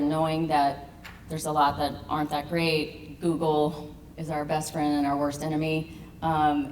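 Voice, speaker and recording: Casting: woman with a very low voice, earnest welcoming speaker, distant mic with faint noise. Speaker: patient advocacy representative. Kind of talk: speech at an education event. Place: event venue. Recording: echoey room from a distant mic.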